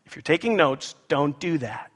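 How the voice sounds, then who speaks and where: A male pastor preaches in a high, bright, lively voice. He speaks to the congregation with playful asides. His voice rings around a large hall with a long reverb. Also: moderate pace, breathy edge. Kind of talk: sermon.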